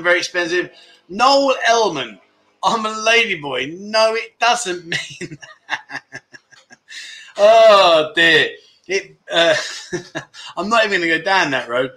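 A man's voice: high voice, bright, forceful tone. A man hosting a casual livestream, reading viewer comments aloud and teasing them with lots of laughter. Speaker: livestream host.

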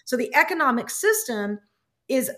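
Brief: emphatic woman business speaker, bright tone, slightly high voice. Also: moderate pace. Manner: animated, emphatic, preacherly. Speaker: guest, business speaker and author. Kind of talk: faith-based business interview.

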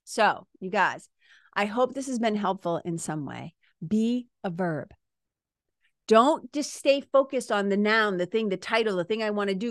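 A woman's voice: medium pitch, lively intonation, moderate pace, no room sound, clean studio sound. A woman podcast host and spiritual coach, talking casually in a blunt, joking way and laughing often as she acts out her clients.

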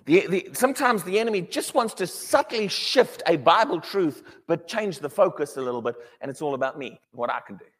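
A man preaching a sermon, emphatic and animated, often restarting his words as he builds a point. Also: fairly high pitch, a little fast, few pauses, long reverb tail.

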